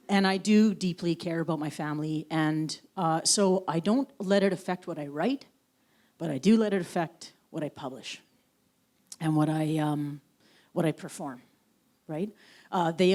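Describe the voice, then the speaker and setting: Frank, storytelling author from the Yukon. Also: female voice, lowish voice, a little mellow. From Yukon, Canada. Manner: anecdotal storyteller, frank and profane. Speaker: author guest. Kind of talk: onstage conversation. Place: live event on stage.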